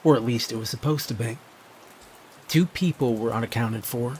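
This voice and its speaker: A man telling a first-person horror story in a measured, grave scripted narration. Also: medium pitch, darkish tone, a little hiss or hum.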